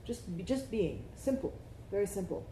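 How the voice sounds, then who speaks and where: With a mellow, expressive mid-range voice at a moderate pace, a woman leads her meditation group through a thoughtful dharma talk, eliciting their answers and often checking in with "right?". The room echoes, and faint noise sits in the background.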